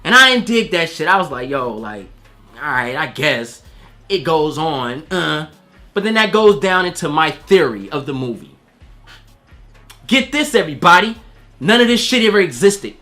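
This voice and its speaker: Male movie reviewer, casual and profane, pitch jumping all over, bright tone. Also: moderate pace. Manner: animated, slangy and profane; acts out quoted voices.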